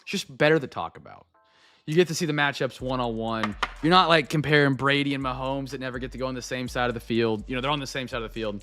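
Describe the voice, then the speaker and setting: Young guy ripping cards on a live stream, fast rambling sports rants, bright punchy voice, faint music under it. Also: medium pitch. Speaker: card break host. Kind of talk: live-stream card break chat.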